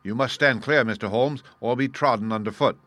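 An adult man voicing a soft-spoken, precise and menacing older criminal mastermind in an audiobook reading. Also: medium pitch, a little fast, no echo, close to an everyday voice.

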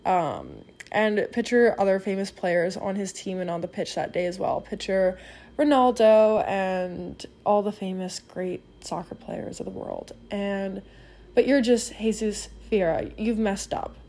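A woman's voice: medium pitch, lively intonation, a little slow, darkish tone. A woman giving a spoken devotional, retelling a parable in an earnest, encouraging way and speaking straight to the listener.

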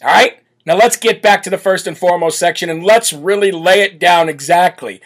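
A man hosting a political talk show, talking in a brash, blunt and forceful way, often repeating himself for emphasis. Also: sits high, a little fast. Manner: repetitive, emphatic restarts. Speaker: host.

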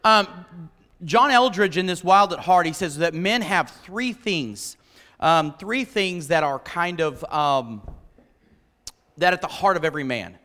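High-voiced pastor in a reverberant hall. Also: male voice, unhurried. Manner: animated storytelling, acts out his own reactions. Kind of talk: sermon shared with his wife.

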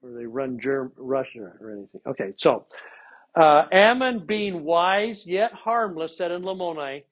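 Guy teaching a church class, lively and dramatic, kinda high voice, muffled recording. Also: measured pace. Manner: animated, dramatizes scripture quotes with voice inflection.

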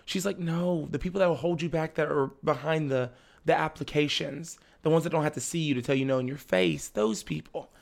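A young man with a slightly high, gravelly voice, chatting as a podcast guest. He tells his story in a lively way, often laughing and playing out the lines of the people in it. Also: brisk. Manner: animated, acts out family members' lines; laughs often while talking. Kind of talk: casual storytelling chat.

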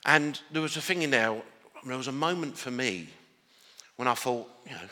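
English-accented guy preaching in a church, bright voice, long reverby hall, earnest and building up. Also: mid-range voice, expressive, normal speed. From Northern Ireland. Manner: earnest, with many restarts, builds to emphatic declarations. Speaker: pastor. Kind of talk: sermon.

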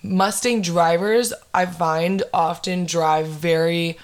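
A young woman in her twenties, a podcast host telling a dating story in casual chat, animated and full of "like". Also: lowish voice, slow. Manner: animated, heavy use of "like".

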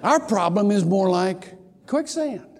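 A man's voice: high-pitched, measured pace. An older man preaching a sermon as pastor, telling jokey stories with lots of repeated words. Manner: animated storytelling, jokey asides, repeats words. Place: church sanctuary. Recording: long hall reverb.

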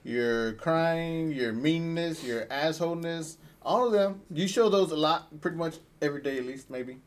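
A man with a somewhat high voice in a relaxed conversation. He teases the others and talks through laughter. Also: moderate pace. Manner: teasing, laughs while talking. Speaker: husband. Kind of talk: casual chat.

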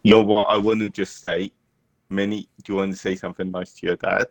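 A man's voice: deep voice, level tone, a little fast, creaky, no room sound. A man co-hosting a podcast, stammering and self-deprecating in casual chat. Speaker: podcast co-host.

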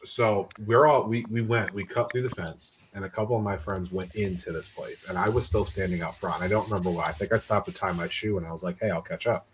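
A man's voice: deep voice, a little fast, hardly any pauses, a little hiss or hum, low-quality recording. A man co-hosting a podcast, telling a story in casual chat, swearing freely and acting out the voices in it. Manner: animated, swearing, acts out quotes. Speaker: podcast co-host.

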